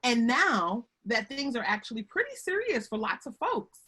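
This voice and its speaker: A woman speaking from home over a video call, with a husky voice that swoops high and low. Her tone is bright and fairly high. She talks to her audience in a chatty, animated way and keeps calling them y'all. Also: normal speed. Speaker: guest speaker on workplace relationships. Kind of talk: lively webinar talk.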